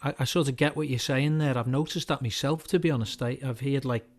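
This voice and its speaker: A man's voice: mid-range voice, fast talker. A man with a Liverpool accent, a singer-songwriter chatting casually between songs and laughing as he tells stories.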